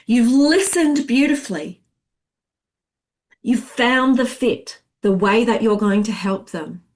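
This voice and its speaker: A woman sales coach teaching a masterclass in an expressive, chatty way, acting out what clients think. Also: a little high, takes it slowly.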